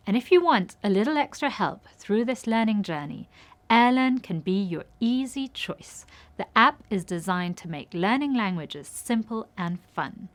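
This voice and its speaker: A woman reading a scripted language lesson, saying example phrases clearly and giving each translation in a measured way. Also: mid-range voice. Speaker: language teacher.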